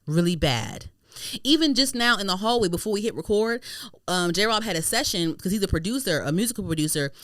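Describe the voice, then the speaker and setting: Fast-talking woman podcast host, bright. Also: mid-range voice, animated, dry recording. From Prince George's County, Maryland. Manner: fast-talking, tumbling restarts. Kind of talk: casual chat. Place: podcast studio. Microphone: podcast mic.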